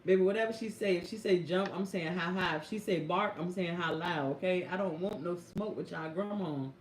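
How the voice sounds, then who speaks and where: A young woman caregiver telling stories on a live stream, speaking AAVE and talking to viewers in a lively, chatty way. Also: on the low side, a little fast, a little hiss or hum. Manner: animated, chatty, addresses viewers as y'all and baby. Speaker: caregiver vlogger. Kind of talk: casual live-stream storytelling. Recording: echoey room.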